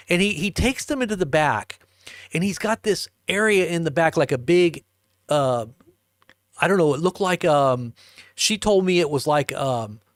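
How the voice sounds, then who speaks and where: A man's voice: fairly high pitch, no echo, studio quality. A man hosting a livestream, telling a rambling story and chuckling as he talks to viewers in the chat. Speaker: livestream host. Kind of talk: casual storytelling to a live chat.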